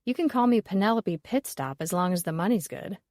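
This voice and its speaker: A woman's voice: fairly low pitch, lively intonation, a little fast, a little mellow, no room sound, natural voice. A woman reading the lines of a blunt, dismissive middle-aged woman appraiser in an audiobook, with a dry, offhand delivery.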